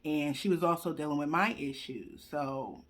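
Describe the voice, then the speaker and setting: A woman's voice: low-pitched, normal speed. Young woman vlogging a personal story into a webcam, chatty and close to tears. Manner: chatty, addresses viewers directly; fighting back tears. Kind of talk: emotional personal testimony. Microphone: computer webcam.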